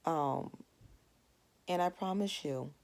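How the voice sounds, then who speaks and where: A woman's voice: sits low, takes it slowly, vocal fry, a little mellow. A woman in her forties teaching a devotional Bible lesson in a conversational, earnest way, telling a family story to make her point. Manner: earnest, storytelling with plain everyday asides.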